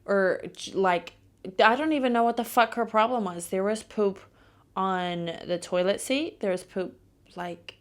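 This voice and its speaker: A woman's voice: mid-range voice, measured pace. A young woman hosting a solo podcast, telling stories in a blunt, profane, ranting way. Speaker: podcast host. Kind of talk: casual solo podcast monologue.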